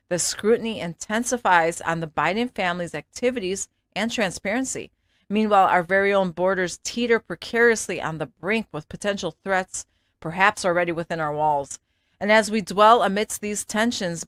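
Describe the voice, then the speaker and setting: A woman's voice: mid-range voice, fairly bright tone, no echo, studio quality. A woman hosting a news show, reading a scripted intro of dramatic teasers.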